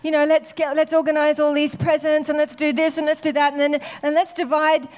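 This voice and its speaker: A woman doing a hurried, scheming younger son. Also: extremely high pitch, monotone, in a large hall. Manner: hurried, plotting.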